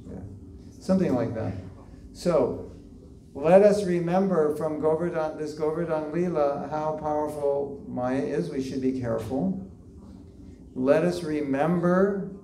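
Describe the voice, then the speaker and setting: A man's voice: a little high, measured pace, pauses often, mellow. A man giving a devotional lecture at a temple class, talking in a conversational way, asking the listeners questions and using many fillers. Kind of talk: devotional lecture to a live group. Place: temple hall. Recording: echoey hall, voice from far off, faint noise.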